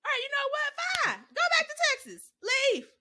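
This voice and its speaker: A woman doing her shrill scolding grandma. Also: fast talker, slight background noise. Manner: loud, high, fed-up scolding.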